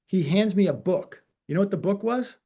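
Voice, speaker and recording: This is a man in his forties, a real estate broker who guests on a webinar. His voice sits high for a man. He tells his stories with energy and acts out each exchange he quotes. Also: normal speed. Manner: animated storyteller acting out quoted dialogue. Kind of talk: webinar interview storytelling.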